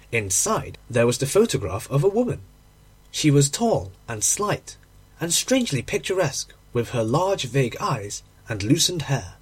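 A man reading a classic short story aloud, with measured storytelling that slows on key phrases and drops low on the dialogue tags. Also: slightly rough. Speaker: narrator.

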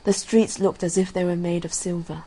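A woman reading a fairy tale aloud in a gentle, measured way, giving the characters' lines softly. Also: fairly low pitch, level tone, husky, rough recording. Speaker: storyteller. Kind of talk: storybook reading.

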